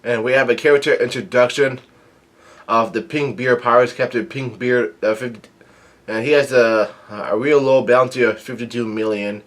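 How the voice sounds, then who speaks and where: Guy reading a comic out loud, lots of ums and restarts, plain mid voice. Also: mid-range voice, steady tone. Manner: halting, many fillers and restarts. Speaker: comic reader and commentator. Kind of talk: casual reading of a comic with commentary.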